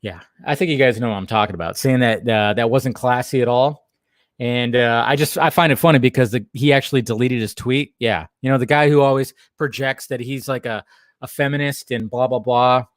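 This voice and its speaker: A man giving casual live commentary on film footage as an online host, animated and exclamatory, swearing freely as he talks. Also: mid-range voice, fairly quick, no room sound, clean studio sound.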